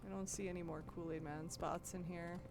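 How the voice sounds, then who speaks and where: A woman's voice: lowish voice, steady tone, fairly quick, noisy background. A woman from the American Midwest doing live gameplay commentary as a streamer, musing aloud, giggling and chatting with viewers.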